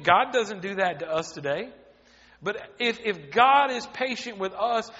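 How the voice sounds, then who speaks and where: A man preaching a sermon as pastor, often dropping quiet for emphasis. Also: sits high, in a large hall, highs cut off.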